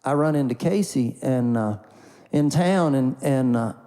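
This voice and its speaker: A man's voice: medium pitch, measured pace, warm tone, big-room sound. A man, a country songwriter, telling a story in a folksy, rambling way, often repeating "and, and" and "uh" between thoughts. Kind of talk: storytelling before an acoustic song.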